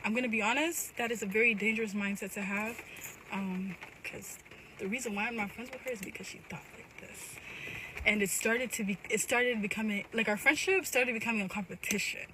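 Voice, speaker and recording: A woman's voice: mid-range voice, fairly quick, noisy background. A woman telling a personal story straight to her phone camera in an emphatic, direct way. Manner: emphatic, addresses viewers directly.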